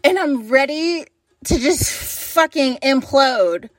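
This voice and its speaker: A high-pitched young woman from the United States vents her fury straight into the camera. She swears freely and keeps asking heated rhetorical questions. Her voice sounds close and dry, with no room echo. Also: animated. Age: late 20s. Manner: furious, profane, rapid-fire rhetorical questions. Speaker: vlogger. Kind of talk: angry political rant to camera.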